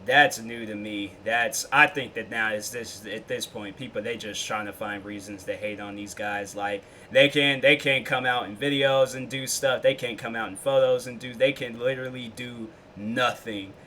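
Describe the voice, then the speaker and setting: Bright-voiced man rambling in casual chat. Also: mid-range voice, fairly even intonation, normal speed, few pauses, slight background noise. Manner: rambling, full of fillers and restarts. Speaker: reaction video host.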